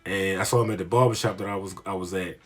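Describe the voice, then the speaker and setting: A comedian telling a story in a rambling, profane, slang-heavy way. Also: male voice, low-pitched, fairly even intonation, fast, fairly bright tone, husky, soft background music. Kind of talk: casual storytelling monologue.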